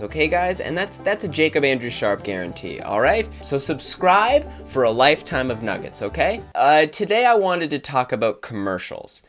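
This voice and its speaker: A man hosting a comedy YouTube video, rambling and self-mocking. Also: mid-range voice. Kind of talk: comedic vlog rant.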